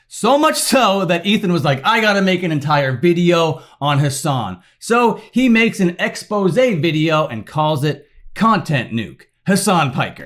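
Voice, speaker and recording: A man delivering a heated, sarcastic commentary rant, swearing often and breaking into shouts. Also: sits high. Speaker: commentary YouTuber. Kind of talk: ranting commentary.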